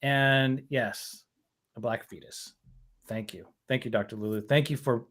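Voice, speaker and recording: A man hosting an online community show, effusively congratulating and welcoming guests. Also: medium pitch. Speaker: host.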